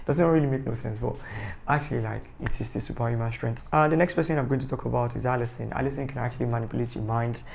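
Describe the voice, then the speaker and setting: A man's voice: medium pitch, steady tone, quick pace, creaky, darkish tone, slight background noise. A man giving a casual, rambling, joking review of a TV series, often correcting himself. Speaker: TV show reviewer.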